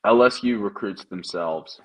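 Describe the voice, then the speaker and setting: A man co-hosting a sports podcast, chiming in with wry asides in a husky voice. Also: on the low side, a little slow, low-quality recording. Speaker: podcast co-host. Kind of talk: casual sports podcast chat.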